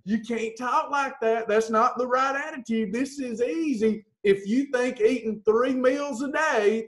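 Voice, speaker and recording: High-voiced blunt coach. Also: female voice, a bit bright. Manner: blunt, folksy, teasing with pet names. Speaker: weight-loss coach. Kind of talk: motivational talk to followers.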